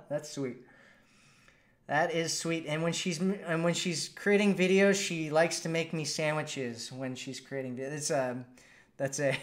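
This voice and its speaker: A man's voice: fairly high pitch, slow. A man hosting a live stream as a dating coach, reading out viewer comments in a casual, upbeat, chatty way.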